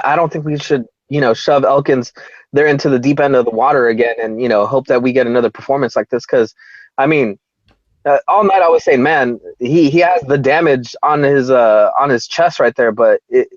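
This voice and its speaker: A man's voice: medium pitch, normal speed, no room sound, muffled recording. A man co-hosting a sports podcast, chatty, with mocking asides. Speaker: podcast co-host. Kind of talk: casual chat.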